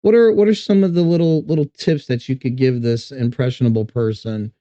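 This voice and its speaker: A man hosts the interview with loose, playful questions. His voice is dark and mellow. The recording is dry and slightly dull. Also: medium pitch, fairly even intonation, brisk, no room sound. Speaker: interview host.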